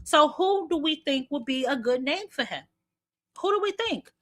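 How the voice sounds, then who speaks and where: Woman host, fairly high voice, blunt chatty delivery to viewers, slightly winded. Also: lively intonation, moderate pace, a bit bright. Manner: blunt, chatty, addresses viewers as y'all, swears casually. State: short of breath. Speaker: boxing commentary host. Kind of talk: casual livestream chat with viewers.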